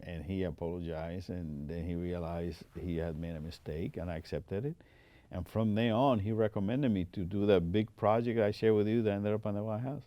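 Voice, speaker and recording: His voice sits low with a dark tone, captured as a dry recording in an interview studio. The older man, an Air Force veteran whose first language is Spanish and who speaks with a Spanish accent, tells stories featuring quoted dialogue and many restarts.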